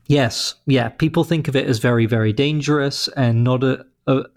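A man in his thirties with an English accent, answering interview questions in a thoughtful, articulate, measured way. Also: mid-range voice, vocal fry, a little mellow, no echo, studio quality. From London, England. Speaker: leader of a humanist congregation.

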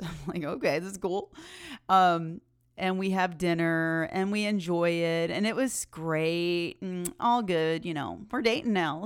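Woman podcast host, lowish voice, dry close sound, chatty storytelling, animated. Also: dry recording. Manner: chatty, animated, laughs often. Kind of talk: personal storytelling.

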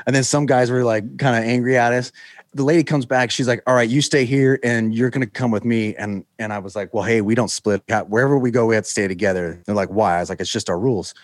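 A man's voice: medium pitch, quick pace, no room sound, clean studio sound. An American man telling a long story as a guest, acting out the voices of the people in it and rambling with lots of fillers. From United States. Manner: animated, acts out quoted voices. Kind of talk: casual storytelling.

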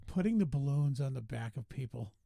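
A man co-hosting a casual podcast, telling stories with lively quoted voices. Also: medium pitch, brisk, vocal fry, dry recording, clean studio sound. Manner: animated storytelling, voices rising when quoting. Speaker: podcast co-host. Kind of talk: casual chat.

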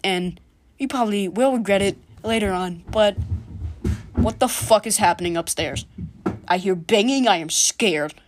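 A woman's voice: medium pitch, normal speed, a little hiss or hum. A woman hosting a solo comedy podcast, joking sarcastically with lots of swearing. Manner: sarcastic, profane, jokey. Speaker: podcast host. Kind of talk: casual comedic monologue.

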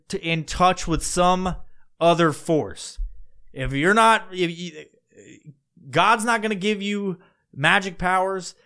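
A man's voice: fairly high pitch, fairly bright tone. Profane rambling male podcast host. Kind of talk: casual storytelling.

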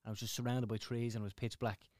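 Young dublin lad rattling on fast, lots of likes and swearing, dry close sound. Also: male voice, medium pitch, little pitch movement, a little mellow, no room sound. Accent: Dublin Irish. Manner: rapid, swearing, filler-heavy. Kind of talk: casual storytelling chat.

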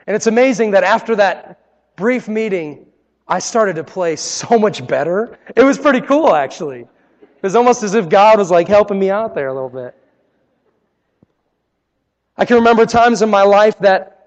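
A male pastor with a high voice preaches with earnest, personal storytelling, sinking into hushed tones for emphasis. His voice rings out with a long reverb, as in a big hall. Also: expressive, normal speed, pauses often. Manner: earnest, personal storytelling with dramatic quiet drops. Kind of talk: sermon.

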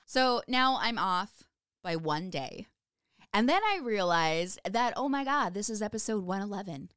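A woman's voice: medium pitch, sing-song, a little slow, fairly bright tone, clear, resonant tone, no echo, studio quality. A woman co-hosting a casual podcast, chatty and laughing often, with many fillers. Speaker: podcast co-host. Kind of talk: casual chat.

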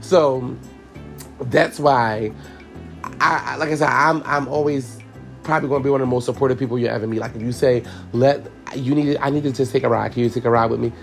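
A man's voice: mid-range voice, steady tone, brisk, gravelly, soft background music. A man hosting a podcast, telling a personal story in a candid, profane, casual way and talking straight to his listeners. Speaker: podcast host and hairstylist.

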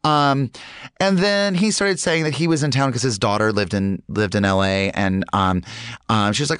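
Guy rambling thru a story, lots of uhs and restarts, smooth voice, dry close sound. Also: medium pitch, expressive, normal speed, fairly bright tone, dry recording. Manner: rambling, full of fillers and restarts. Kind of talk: casual anecdote.

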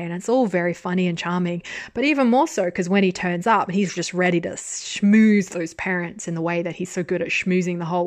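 Chatty woman reviewing a drama. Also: fairly low pitch. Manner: chatty and candid, casual swearing, frequent "like" fillers. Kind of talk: casual review chat.

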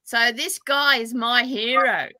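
Slow, bright-voiced Australian woman. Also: on the high side, steady tone, dry recording. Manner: giggly and playful. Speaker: psychic guest. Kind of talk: casual live-stream chat.

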